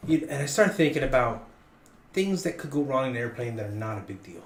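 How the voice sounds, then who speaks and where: A man telling a long story on a podcast in a casual, animated, jokey way. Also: fairly quick, reverberant. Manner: animated, jokey, rising in pitch for punchlines.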